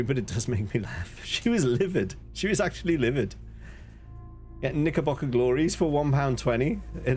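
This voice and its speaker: A man chatting casually on a live stream, laughing often and reading out chat messages. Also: mid-range voice. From northern England.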